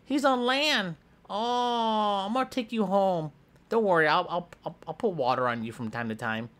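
A man voicing a goofy, excitable schoolboy hero in a comedic game voiceover, jumping between squeals and mutters. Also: high-pitched, moderate pace. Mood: playful. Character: hyper boastful schoolboy hero with a pet shark. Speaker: gameplay voice actor.

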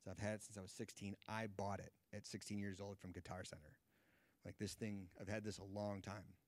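Low-voiced man telling a story. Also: fairly quick, dry recording. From United States. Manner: lively storyteller acting out dialogue. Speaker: guest Bible teacher. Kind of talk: sermon storytelling.

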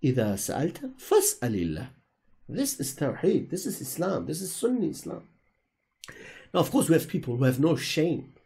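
A man's voice: on the high side, mellow, slightly rough. A man on an online voice call answering questions in a religious argument, talking in an emphatic, preachy way and repeating himself for stress. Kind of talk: religious polemic in a Q&A.

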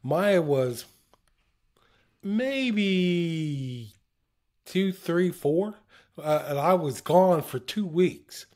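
Slow-talking man telling stories. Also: fairly high pitch, lively intonation, darkish tone. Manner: acts out quoted voices, laughs often. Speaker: interview guest, former TV broadcaster. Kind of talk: casual anecdotal storytelling.

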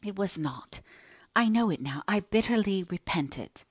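A woman voices an earnest, remorseful young woman in an audiobook, confessing in an emotional, pleading way. Her medium-pitched voice is husky and animated at a normal speed, with no room sound.

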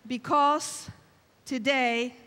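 A woman delivers an emphatic, exclamatory sermon in a high, bright voice. She speaks slowly and deliberately, bursting into lively quoted lines. Her voice rings through a large hall with a long reverb tail. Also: clear, resonant tone. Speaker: guest preacher. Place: large hall at a camp meeting.

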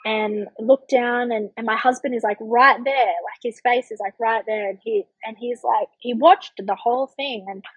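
Breathy woman telling her story animatedly. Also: on the high side, normal speed, hardly any pauses, no room sound, dull audio. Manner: animated, vivid retelling with many fillers and acted-out thoughts. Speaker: podcast guest. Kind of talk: personal storytelling in a casual chat.

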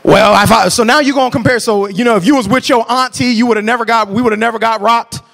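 A man teaching a church marriage class, preaching in an animated, colloquial way that bursts into shouts. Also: very high-pitched, fast talker, gravelly.

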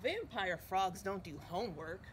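A woman voicing an excitable young boy frog in a storybook, exclaiming eagerly over a noisy background. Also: medium pitch, moderate pace, close to an everyday voice. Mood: excited.

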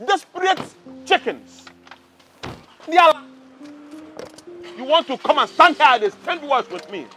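A Nigerian actor playing an arrogant, mocking palace security chief who shouts insults. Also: male voice, big pitch swings, unhurried, soft background music, heavily acted. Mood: taunting. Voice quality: high, bright, shouting and mocking. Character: arrogant loud-mouthed male palace guard. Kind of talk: Nollywood drama acting.

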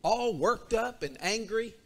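Animated high-voiced male preacher. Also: measured pace. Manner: animated, acts out a character's complaints. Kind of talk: sermon. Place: church sanctuary.

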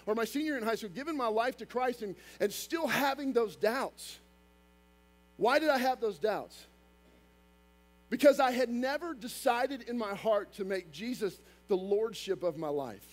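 High-voiced fast-talking male pastor. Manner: emphatic, conversational preaching with frequent asides. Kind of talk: sermon.

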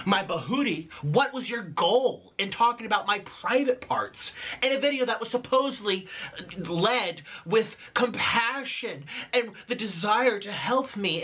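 Brief: husky-voiced man, bright tone, accusing rant in a recorded video. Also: high-pitched. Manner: confrontational, accusing, sarcastic. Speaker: video creator in an online feud.

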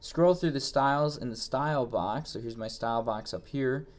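Man talking through a software tutorial. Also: medium pitch, moderate pace. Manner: plain, reads each step then walks through it, thinks aloud. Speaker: instructor. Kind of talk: screen-recorded software tutorial.

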